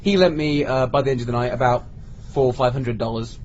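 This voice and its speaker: A man's voice: mid-range voice, a little fast, darkish tone. A man telling a comic anecdote in a casual podcast chat, acting out the lines of the people in it. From Britain. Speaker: podcast co-host. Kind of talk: casual storytelling among friends. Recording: lo-fi podcast with faint noise.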